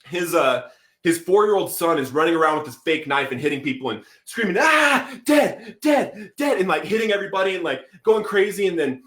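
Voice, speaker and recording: A man telling his life story as a podcast guest, animated, acting out quotes and saying "bro" a lot. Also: on the high side, roomy sound. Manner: animated, acts out quotes, says "bro" often. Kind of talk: storytelling testimony.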